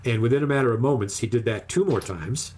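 A man casually telling a long, animated fishing story, acting out the other people's lines in raised voices. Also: mid-range voice, fast, a little hiss or hum.

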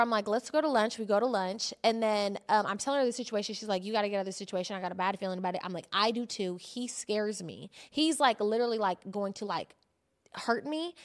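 A woman co-hosting a podcast, telling a story in animated, casual chat and swearing often. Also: mid-range voice. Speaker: podcast co-host.

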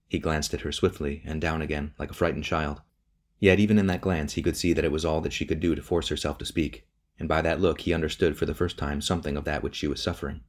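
Deep-voiced male audiobook narrator. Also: fairly even intonation, fast. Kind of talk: scripted narration of a novel.

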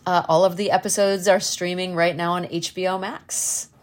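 A woman's voice: lowish voice, level tone, moderate pace. A woman guest on a podcast, talking enthusiastically with many fillers. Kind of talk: casual chat.

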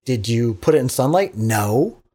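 A man who works as a teacher, talking casually on a podcast in an animated, motivational way, acting out little quotes. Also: mid-range voice, normal speed, slightly rough. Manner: animated, preachy motivational talk with acted-out quotes.

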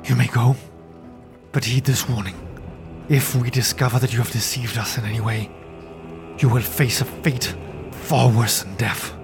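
A man's voice: medium pitch, fairly even intonation, moderate pace, creaky, over music, natural voice. A man voicing a stern, commanding male cult leader with a grave manner in a tabletop role-playing podcast.

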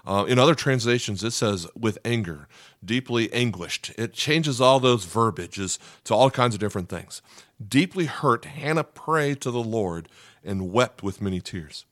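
A man's voice: lowish voice, expressive, normal speed, fairly bright tone, no echo. Earnest preaching man, dry sound. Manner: earnest, emphatic preaching with frequent "okay?" asides. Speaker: pastor. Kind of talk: sermon.

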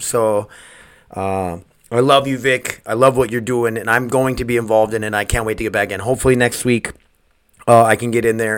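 A man hosting his own podcast, talking casually in a rambling, profane way, earnest and upbeat, and peppering his speech with "man" and "dude". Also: lowish voice. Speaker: podcast host. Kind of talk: casual solo podcast talk.

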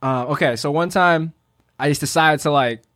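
Young man telling a halting, laughing story. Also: on the high side, fairly bright tone. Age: young adult. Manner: laid-back, halting storyteller who laughs while talking. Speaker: podcast co-host. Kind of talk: casual chat.

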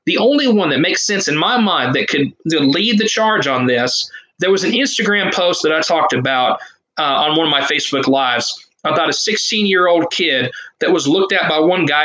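A man pitched well above most men talks earnestly on a casual podcast, his words tumbling out in long, winding runs. His tone is bright and forward, and he restarts his sentences often as he thinks aloud. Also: poor audio. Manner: earnest, rambling, with many restarts. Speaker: podcast guest.

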